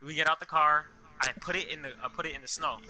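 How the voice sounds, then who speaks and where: A young man telling a story in a casual, animated way, full of slang and swearing, on a podcast with friends. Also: a little high, fast talker, poor audio. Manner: animated, profane, street slang. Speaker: podcast co-host.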